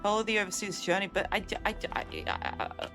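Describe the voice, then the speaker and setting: A woman's voice: mid-range voice, sing-song, fast talker, music in the background. A woman live-streaming a game, chatting casually, thinking aloud and poking fun at herself.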